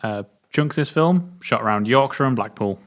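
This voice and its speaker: A man's voice: medium pitch, expressive, moderate pace, a bit bright. A man with a northern English accent, co-hosting a casual film review chat in a chatty, enthusiastic, playful way. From northern England. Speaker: film review podcast co-host.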